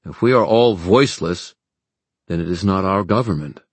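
A man's voice: sits low, moderate pace, husky, no echo. A male narrator voicing an earnest, persuasive young male leader in an audiobook. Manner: earnest, rhetorical.

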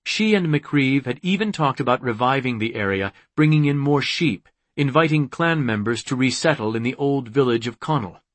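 A man narrating an audiobook in a measured, unhurried reading. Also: medium pitch, no echo. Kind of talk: scripted narration.

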